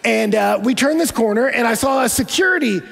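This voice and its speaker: A man's voice: very high-pitched, expressive, brisk, vocal fry, a bit bright, husky, long reverb tail. A man preaching a sermon as a pastor, telling a story in a conversational way with touches of humor.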